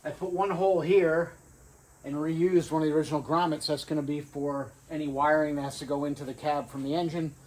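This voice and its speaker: A man's voice: on the high side, steady tone, brisk, darkish tone, rough recording. A man casually narrating his truck build in a home garage, offhand and thinking aloud with fillers. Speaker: garage vlogger.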